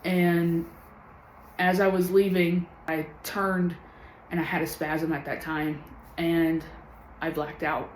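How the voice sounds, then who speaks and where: A woman in her thirties telling her own story to camera in an earnest, candid way, with many pauses. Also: on the low side, level tone. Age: 30s. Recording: roomy echo with faint background hum.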